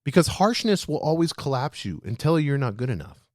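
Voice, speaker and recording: A man hosting a leadership show, speaking straight to his listeners in a lively, animated way. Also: a little high, brisk, no echo, studio quality. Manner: animated, addresses listeners as "guys". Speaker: podcast host.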